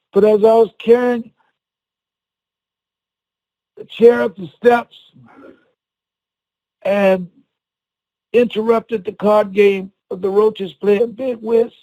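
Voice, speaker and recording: An older man telling a motivational story from the stage in a high voice. He speaks slowly and deliberately, like a preacher. His delivery swings from hushed lines to near-shouts. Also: rough recording.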